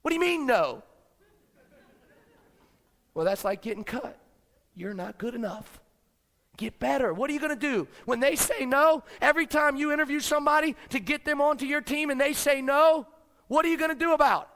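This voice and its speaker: Fired-up high-voiced man preaching in a hall. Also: fairly quick. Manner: fired-up, preachy, swings from low to shouting. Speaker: motivational business speaker. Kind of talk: live motivational speech. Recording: long hall reverb.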